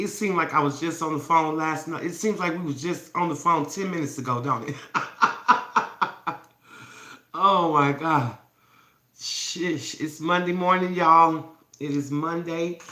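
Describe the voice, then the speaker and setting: Speaking on the low side with a sharp tone, a woman leads a self-love challenge over a casual morning livestream on her phone. She playfully and affectionately calls the viewers babies from an indoor space with candles. The sound is echoey, with faint background noise.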